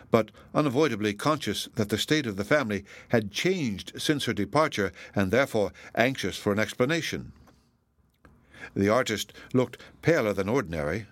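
A man narrating a classic novel as an audiobook in a measured, even storytelling manner. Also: fairly low pitch, no room sound. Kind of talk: audiobook reading of classic fiction.

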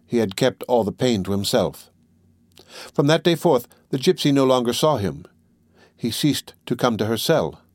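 A male audiobook narrator with a mid-range voice reads in a measured, steady storytelling manner. The sound is close and dry, with no room echo at all. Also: mid-range voice. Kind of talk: scripted narration.

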